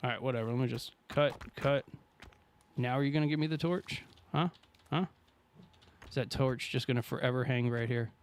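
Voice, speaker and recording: A man in the middle of his pitch range talks his way through a survival game on a live stream. He is casual and friendly, thanking viewers and reacting to what happens on screen as he builds. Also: moderate pace, pauses often. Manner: chatty, thanks viewers and talks to chat while playing.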